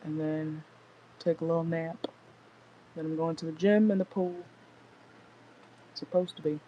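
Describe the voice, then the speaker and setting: A woman's voice: low voice, steady tone, measured pace, dark tone, lo-fi sound, a little hiss or hum. A young woman doing a casual live tarot reading from inside a car, chatty and laid-back, laughing often and swearing casually. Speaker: tarot reader.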